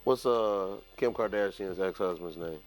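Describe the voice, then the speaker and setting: A man's voice: low voice, a little slow, faint music behind. A man hosting a casual sports podcast, rambling through his points with many fillers and frequent laughter. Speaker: podcast host.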